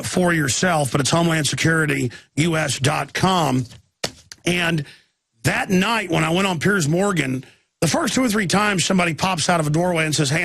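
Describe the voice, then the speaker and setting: Talk radio host, male, high-pitched and gravelly; rambling, intense monologue full of restarts and bursts of volume. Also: a bit bright, no room sound, studio quality. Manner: intense, rambling storytelling with frequent restarts and outbursts.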